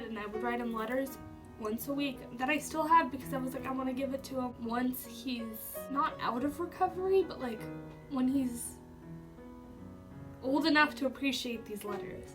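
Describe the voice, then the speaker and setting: Young woman vlogging, kinda high voice, rambly and chatty, curses a lot, music playing under her. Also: recorded from a distance. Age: young adult. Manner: chatty, says "like" often, swears freely. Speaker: YouTuber. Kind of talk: casual storytelling to camera.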